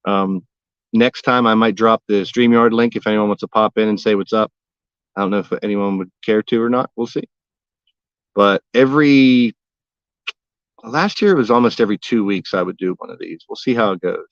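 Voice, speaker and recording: A gardening vlogger hosting a backyard livestream chats casually, rambling in a folksy manner and joking with old sayings. This man has a lowish voice and a moderate pace. There's no room sound, and the audio is dull.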